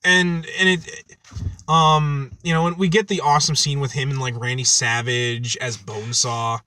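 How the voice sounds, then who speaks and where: A man's voice: medium pitch, fairly even intonation, moderate pace, sharp tone. A man co-hosting a casual film podcast, rambling with many fillers and restarts. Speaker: podcast co-host. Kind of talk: casual chat.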